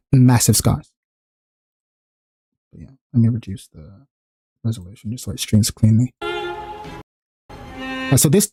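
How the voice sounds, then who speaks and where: A man streaming a casual reaction to a game trailer, excited and profane, rising higher and louder as he gets hyped. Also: slightly rough.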